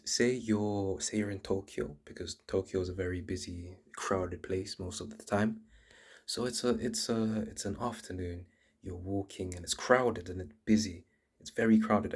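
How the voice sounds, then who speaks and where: A man's voice: low-pitched, warm tone. A man hosting his channel, explaining in a casual, earnest monologue full of restarts and repeated words. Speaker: channel host.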